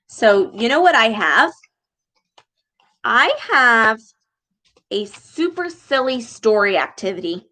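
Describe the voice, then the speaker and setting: A young woman leading a speech lesson for children, animated and exaggerated, with frequent gasps and slow, deliberate words. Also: fairly high pitch, low-quality recording. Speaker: speech therapist reading with children.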